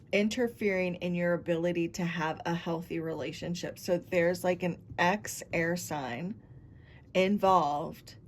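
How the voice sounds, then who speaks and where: Slow-talking woman giving a tarot reading. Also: on the low side, a little hiss or hum. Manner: meandering, talks straight to viewers. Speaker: tarot reader.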